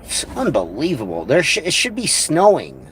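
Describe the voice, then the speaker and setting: A man's voice: fairly high pitch, huge pitch swings, normal speed, a bit bright, slight background noise. A man on a livestream, ranting crudely and scornfully in a rambling way. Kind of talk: profane livestream rant.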